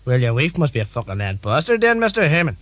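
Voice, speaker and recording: A cocky, quick-tempered Belfast politician, as a man puts him on. He fires off lines fast with a lively, bouncing pitch and a Northern Irish accent, swearing freely. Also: dry recording.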